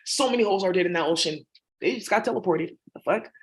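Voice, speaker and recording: A woman talking in a rapid, profane monologue that jumps from topic to topic. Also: mid-range voice. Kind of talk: rambling monologue.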